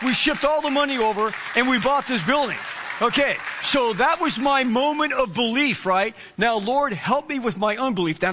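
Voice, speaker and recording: A man preaching a sermon as pastor, telling a lively story and retelling conversations along the way. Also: very high-pitched.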